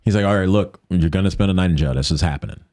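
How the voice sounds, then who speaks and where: A man telling a story casually as a guest, animated, acting out quotes in a higher voice. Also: racing, no room sound, studio quality.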